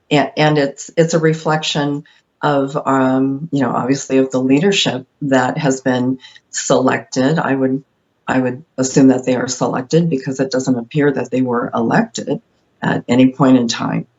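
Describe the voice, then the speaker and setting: An earnest woman answers a host's questions, pausing often and filling the gaps with ums. Her audio comes through dull and muffled. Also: extremely low pitch, fairly even intonation, darkish tone. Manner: hesitant, many fillers, earnest. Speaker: guest activist. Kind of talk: radio interview answers.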